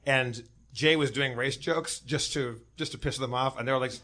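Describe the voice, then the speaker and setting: A man telling jokes and stories on a comedy podcast, halting with many fillers. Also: medium pitch, fairly even intonation, pushed and bright. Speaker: comedian guest. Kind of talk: casual comedy podcast chat.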